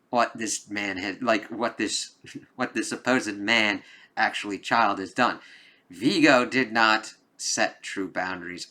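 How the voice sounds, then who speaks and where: A man's voice: fairly low pitch, pushed and bright. A man giving a casual spoken film review, rambling with lots of "like"s and frequent swearing.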